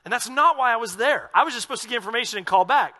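A man's voice: extremely high pitch, animated, racing, bright, forceful tone, big-room sound. A man from the American South preaching a sermon as pastor, in a conversational, jokey storytelling manner.

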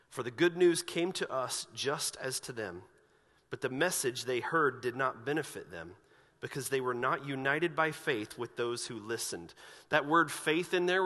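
A man's voice: mid-range voice, in a large hall. A man preaching a sermon as pastor in a church, asking earnest, searching questions of the congregation. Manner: earnest, questioning, animated when retelling scripture scenes. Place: church sanctuary.

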